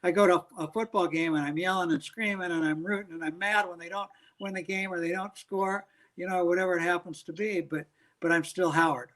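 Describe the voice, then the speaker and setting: A man's voice: sits high, fairly even intonation, a little fast, fairly bright tone, rough recording. An older man being interviewed as a guest, answering earnestly and making his points with everyday examples. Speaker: guest, business leader.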